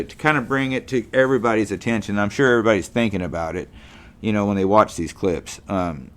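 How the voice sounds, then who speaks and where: A middle-aged man from California talks through a casual, unscripted monologue as the host of his own show. His voice sits on the low side, and he rambles in a folksy way, piling up fillers and restarting his sentences. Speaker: podcast host.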